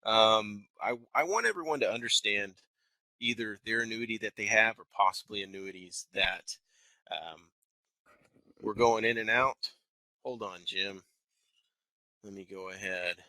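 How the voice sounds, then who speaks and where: A wealth manager from Texas, in his thirties and with a faint twang, hosts a live webinar from an office building in a conversational, carefully enunciated way. He speaks in a lowish, bright, forceful voice, unhurried, with long pauses. The recording is rough and echo-free.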